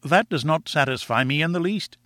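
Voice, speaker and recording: A man's voice: a little high, animated, a little fast, a bit bright, no echo, pitched above the performer's own voice. A man reading aloud voices an earnest, lovestruck young man who pleads eagerly with the woman he loves.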